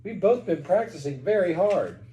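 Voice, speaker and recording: A man voicing an eager young boy in a storybook, reading the child's lines brightly. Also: sits high, expressive, moderate pace, reverberant, rough recording.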